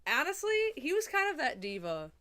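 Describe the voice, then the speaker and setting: A young woman chatting casually on a livestream, rambling and swearing, a little drunk and high. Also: huge pitch swings, a little fast, sharp tone, slight background noise.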